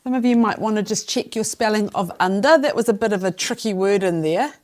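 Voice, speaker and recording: A woman leads a young class through a spelling lesson, her voice clear and encouraging. She talks in a steady middle pitch, giving short instructions and counting the children in. She is recorded in a classroom. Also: a little fast. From New Zealand. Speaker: primary school teacher. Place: primary school classroom.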